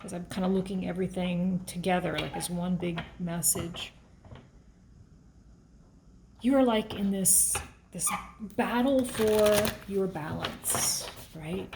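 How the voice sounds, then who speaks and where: A woman's voice: fairly low pitch, fairly even intonation, unhurried, creaky, long pauses, background noise. A woman giving a casual, emotional tarot reading, thinking aloud as she shuffles and pulls cards. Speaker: tarot reader.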